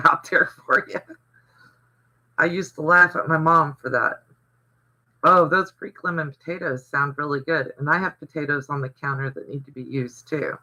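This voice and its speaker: A man's voice: fairly high pitch, pushed and bright, low-quality recording. An older man from the American South, hosting a casual livestream chat, rambling through stories and answering viewer comments. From Southern United States. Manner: chatty, rambling storyteller who reads out viewer comments. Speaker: livestream host.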